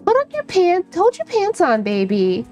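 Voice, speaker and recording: A woman voicing a playful young woman teasing a whiny cat in a high, sing-song voice. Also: wildly swooping pitch, moderate pace, darkish tone, muffled recording, soft background music, heavily acted.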